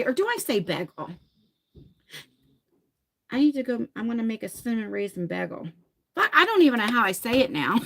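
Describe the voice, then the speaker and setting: This livestream host, a woman in her forties with a New Jersey accent, has a high, sing-song, somewhat bright voice at normal speed. She chats with her viewers in a casual, rambling way, laughing and swearing every so often.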